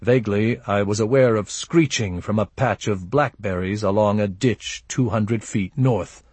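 Husky-voiced man narrating an audiobook. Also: lowish voice, measured pace, a little mellow, no room sound. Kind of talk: first-person audiobook narration.

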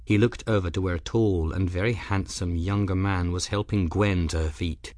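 Audiobook narrator: a man with a low voice, even and measured, in a dry recording. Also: dry recording. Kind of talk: scripted narration.

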